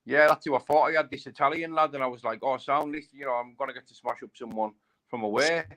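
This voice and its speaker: A man's voice: medium pitch, quick pace, a bit bright. A man, a bare-knuckle fighter, chatting casually and rambling, repeating himself and saying mate a lot. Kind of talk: casual live chat.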